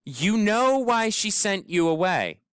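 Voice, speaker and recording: A man's voice: sits high, big pitch swings, slow pace, clean tone, no room sound, clean studio sound, voice pushed up, exaggerated voice. Give me a man doing a stern elderly great-aunt. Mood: scolding. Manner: firm, scolding. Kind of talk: audiobook character voice.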